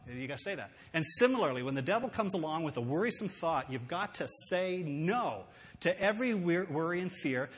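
A man preaching a sermon, earnest and emphatic, slowing down to read scripture aloud. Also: fairly high pitch, expressive. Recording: long hall reverb.

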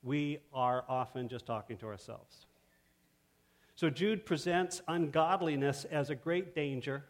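A man preaching a sermon, measured and emphatic, pausing to stress key words. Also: a little high. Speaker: pastor.

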